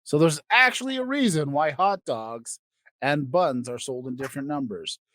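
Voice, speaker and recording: A man hosting a comedy podcast, ranting crudely and swinging between loud outbursts and quiet asides. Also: on the high side, expressive, moderate pace, no room sound. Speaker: podcast host. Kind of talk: comedic rant.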